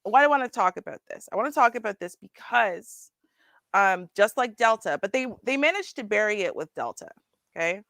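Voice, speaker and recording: A woman hosting a casual commentary show, animated and sarcastic, laughing often and talking straight to her viewers. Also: mid-range voice, brisk, gravelly, no room sound. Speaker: host. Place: Ontario.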